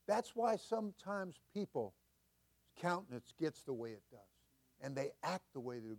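An older man preaching as senior pastor, folksy and chuckling, building to loud emphatic peaks. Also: on the high side, big pitch swings, moderate pace, creaky. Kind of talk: sermon.

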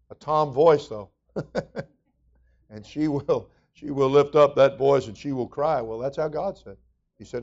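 A man's voice: fairly high pitch, lo-fi sound. A man preaching a sermon as pastor, folksy and conversational with emphatic rising bursts.

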